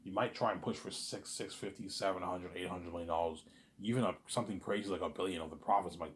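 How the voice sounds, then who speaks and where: A man rambling in a casual monologue, animated and repetitive, arguing with an imagined listener. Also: low voice, fast talker, a little hiss or hum. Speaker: vlogger.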